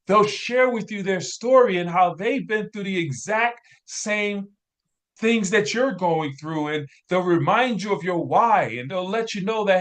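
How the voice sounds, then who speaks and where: A man with a fairly high voice leads a motivational business training session. He talks slowly and deliberately, with energetic, preachy emphasis, as he works at his computer and sketches on the screen. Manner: energetic, preachy, drawing on a screen while talking. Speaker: business coach.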